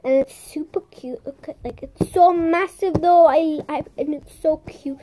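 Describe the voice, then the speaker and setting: Showing off her toy squishies and slime, a young vlogger chats casually in a warm, high-pitched voice at an unhurried pace. She's bubbly and playful, occasionally slipping into a whisper for ASMR bits and adding little sound effects.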